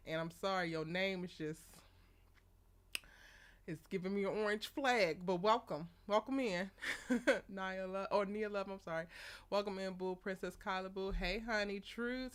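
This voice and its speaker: A woman's voice: mid-range voice, measured pace. A young woman hosting a casual live stream, chatty and laughing often as she greets viewers by name. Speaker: live show host.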